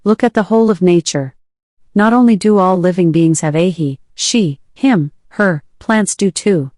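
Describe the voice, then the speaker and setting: A woman's voice: lowish voice, measured pace, darkish tone, no echo, clean studio sound, natural voice. A woman reading as a pushy, coaxing older sister. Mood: pleading. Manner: insistent, coaxing.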